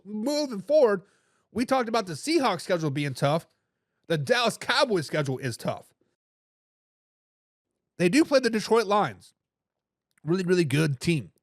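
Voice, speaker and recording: A man hosting a live football talk show, casual and animated, throwing in slang and restarting his phrases as he reads out viewer comments. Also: high-pitched, dry recording, studio quality. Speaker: sports talk show host.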